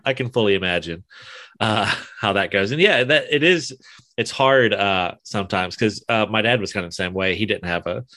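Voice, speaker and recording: Man, mild Southern US accent, low but bright voice, dry close sound, hesitant chatty host. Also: no room sound. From Alabama. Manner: chatty, hesitant, many fillers and restarts, laughs often. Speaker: interview host. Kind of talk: casual interview chat.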